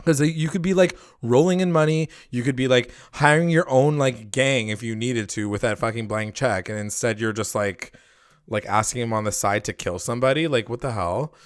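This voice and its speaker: A man's voice: mid-range voice, moderate pace, clean tone, no echo, clean studio sound. A young man co-hosting a podcast, recapping a TV episode in casual chat, swearing often and acting out the characters' lines. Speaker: podcast co-host.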